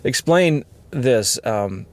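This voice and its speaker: A man's voice: mid-range voice, lively intonation, extremely slow, a little mellow. A man hosting a podcast, talking candidly from inside his car, earnest and rambling with many fillers. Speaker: podcast host.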